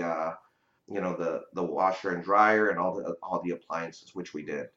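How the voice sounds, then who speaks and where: A real estate investor, appearing as a guest, recounts his experiences at normal speed in a somewhat low voice, relaxed and conversational, often adding "you know" and checking in with "right?". It's a casual storytelling interview, and the audio is dull and lo-fi with noticeable echo from a roomy space.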